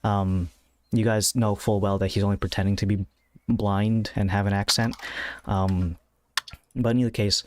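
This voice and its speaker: A man running a tabletop game as game master, narrating in a relaxed, rambling way with many fillers. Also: on the low side, moderate pace.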